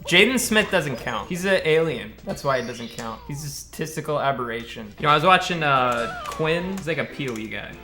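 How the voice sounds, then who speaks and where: Over clearly audible game music, a young speedrun streamer banters casually with his viewers, blunt, joking and profane. His voice is a little high, bright and forceful, expressive and a little fast, with few pauses.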